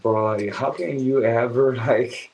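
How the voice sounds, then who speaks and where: A man's voice: mid-range voice, unhurried, a little mellow, poor audio. A young man, chatting casually and slangily on a late-night livestream, sleepy and swearing now and then. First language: Chinese. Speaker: livestream host.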